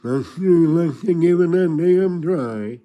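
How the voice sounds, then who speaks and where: A man doing a slow, gruff country hunting buddy. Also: fairly high pitch, dull audio, pitched above the performer's own voice. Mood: eager. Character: gruff rural male hunting buddy, crude.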